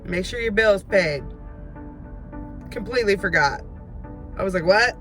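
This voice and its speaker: A woman in her thirties, a vlogger, telling a story in an animated, ranting way with casual chat. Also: mid-range voice, moderate pace, soft background music.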